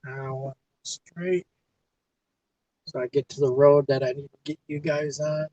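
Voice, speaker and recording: A man hosting a live tour stream, talking viewers along slowly while driving. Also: fairly high pitch, fairly even intonation, mellow, no echo, rough recording. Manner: slow, coaxing directions to viewers. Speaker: stream host giving a tour.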